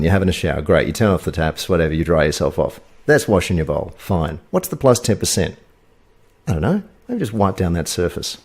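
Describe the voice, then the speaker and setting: A man's voice: low-pitched, a little mellow. A man talks as a podcast guest. He rambles through stories, full of fillers and restarts. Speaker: guest, video agency owner. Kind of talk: casual podcast interview.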